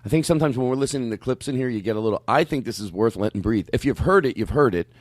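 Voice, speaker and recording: Middle-aged male comic host, lively up-and-down delivery, very dry sound. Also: mid-range voice, rapid-fire, no room sound. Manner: animated, rambling, self-aware. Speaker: podcast host. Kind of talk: casual comedic chat.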